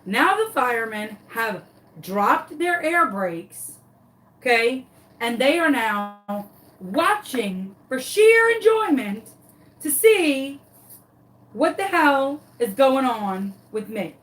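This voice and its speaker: A woman's voice: sits high, sing-song, slow, a bit bright, recorded from a distance, rough recording. A woman, a crafting vlogger telling a dramatic story while she works on a craft tutorial.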